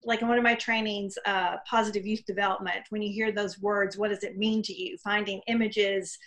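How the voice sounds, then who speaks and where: A woman's voice: mid-range voice, level tone, a little fast, fairly bright tone. A woman hosting a casual interview over a video call, chatty and encouraging, laughing easily as she asks about training. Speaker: host.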